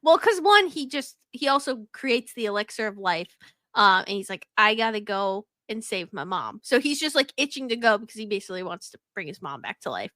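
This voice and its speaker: A woman's voice: fairly high pitch, big pitch swings, brisk, a bit bright, no room sound. A young woman co-hosting a casual podcast, laughing often and swearing casually as she recaps the story. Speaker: podcast co-host.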